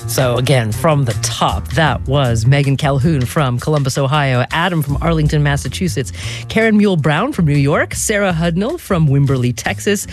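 A woman's voice: deep voice, animated, moderate pace, soft background music. A woman hosting a radio interview, phrasing her questions in a thoughtful, searching way. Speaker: radio host. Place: radio studio.

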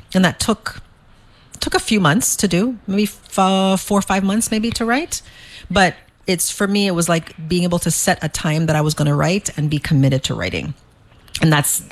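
A woman from St. Croix, an author being interviewed, talking in a quick, animated way with frequent restarts. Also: low voice. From St. Croix, US Virgin Islands. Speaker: author and guest. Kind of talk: casual interview chat.

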